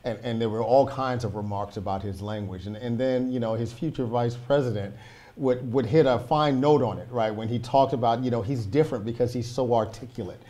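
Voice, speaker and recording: Male talk show host, mid-pitched voice, conversational, lots of "you know". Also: brisk, dark tone.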